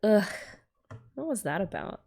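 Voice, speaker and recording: A woman's voice: mid-range voice, sing-song, a little slow, vocal fry, dark tone, slightly rough. An Australian woman hosting a casual read-along, chatting through her reactions to a comic with filler ums. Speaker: host reading a manga and reacting.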